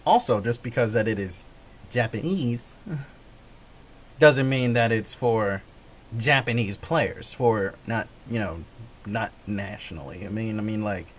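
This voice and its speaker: A man's voice: fairly low pitch, measured pace, a little hiss or hum. A man talking casually in a gaming vlog, rambling, correcting himself and laughing often. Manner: rambling, chuckling, self-correcting. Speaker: gaming vlogger. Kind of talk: casual monologue.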